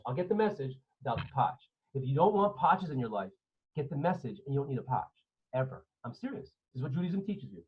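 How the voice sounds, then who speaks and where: A man, a rabbi, giving an animated storytelling lesson to students and firing questions at them over a video call. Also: mid-range voice, quick pace, husky. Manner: animated, asks listeners questions, acts out scenes. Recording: dull lo-fi online audio.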